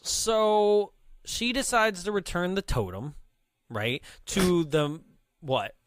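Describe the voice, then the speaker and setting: A man's voice: high voice, takes it slowly. A man co-hosting a podcast, animatedly recapping a movie in casual chat, often tagging "right?" and laughing. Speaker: podcast co-host.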